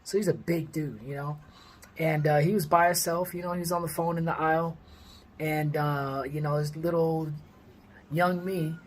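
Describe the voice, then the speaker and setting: A man in his thirties from the Sacramento area of California, casually telling a personal story with lots of fillers and lively quoted dialogue. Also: on the high side, moderate pace. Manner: rambling, heavy on fillers, lively when quoting others. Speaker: vlogger.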